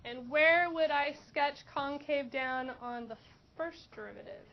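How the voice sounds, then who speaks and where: A woman teaching a high school math class, asking questions and encouraging students. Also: measured pace. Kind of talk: classroom lesson. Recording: dull lo-fi classroom recording with faint noise.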